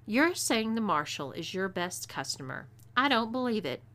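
Woman doing a rough Texan bounty hunter man. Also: mid-range voice, big pitch swings, moderate pace, pushed and bright. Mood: menacing. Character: rough male bounty hunter, menacing and crude.

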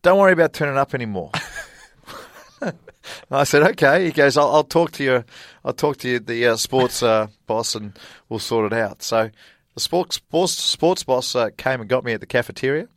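A man's voice: mid-range voice, moderate pace, a bit bright, no echo. Chatty Australian man telling stories. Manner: chatty anecdotal storyteller with frequent fillers and laughs. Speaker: guest, golfer. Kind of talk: casual storytelling interview.

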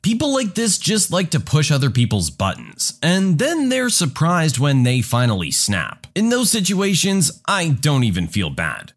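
A man narrating reader-submitted stories in an animated, expressive storytelling manner. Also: mid-range voice.

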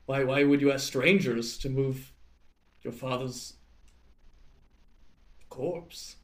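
A man's voice: medium pitch, slow pace. A man playing a tabletop game, eager and firing off questions. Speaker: player. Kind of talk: casual tabletop play.

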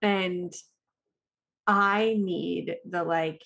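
A woman's voice: lowish voice, steady tone, drawn-out words, creaky, fairly bright tone. A middle-aged woman hosting a podcast, sharing a personal story in a chatty way with many fillers. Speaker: podcast host. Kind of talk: podcast interview.

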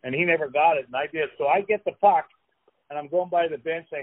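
A man's voice: on the high side, normal speed. A Canadian man in his sixties, a former player, rambling through stories with many fillers and restarts. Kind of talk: casual storytelling. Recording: tinny phone-like dry line.

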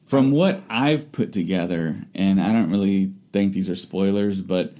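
Brief: male co-host, lowish dark voice, relaxed explainer. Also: unhurried. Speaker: podcast co-host. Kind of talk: casual chat.

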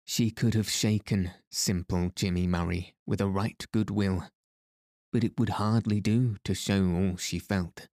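A man narrating a novel as an audiobook in a measured, even reading voice. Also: low voice, dry recording, studio quality. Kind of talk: scripted narration.

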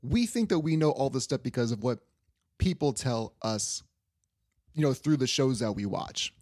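A man's voice: medium pitch, expressive, normal speed, a little mellow, no room sound. Young man, sports podcast host, loose rambling talk, casual swearing, dry close sound.

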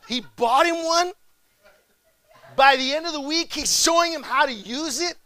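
A male pastor preaching a sermon, addressing the congregation as folks and swinging from shouts to hushed pleas. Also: very high voice, moderate pace.

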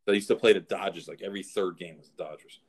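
A man's voice: deep voice, fairly even intonation, quick pace. A middle-aged man, a show host and horse trainer, telling rambling anecdotes in casual chat. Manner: rambling anecdotes, frequent restarts.

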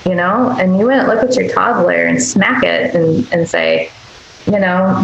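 An earnest woman talks as a guest doctor in a podcast interview, her voice gravelly with fry. She is emphatic and often slips into soft, caring quoted asides. The call audio sounds roomy and echoey. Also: lowish voice, big pitch swings, moderate pace, highs cut off, slight background noise.

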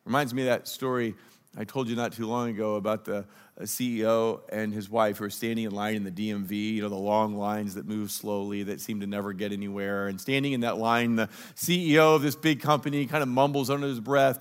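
A man's voice: medium pitch, brisk. A male pastor preaching a sermon, telling the story and acting out the characters' lines. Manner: storytelling, acts out dialogue of the characters.

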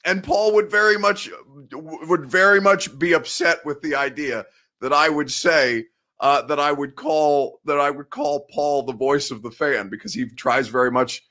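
A man around thirty, a podcast host and sports reporter, speaks in a slightly high, sharp voice at an unhurried pace. He's hosting a casual live show, reading viewer comments, rambling, cutting himself off, and laughing often.

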